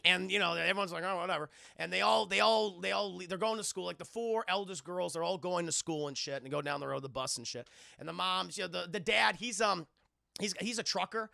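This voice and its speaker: A man streaming live, recapping a film in a rambling, profane and animated way. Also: high-pitched, brisk, gravelly, dry recording, studio quality.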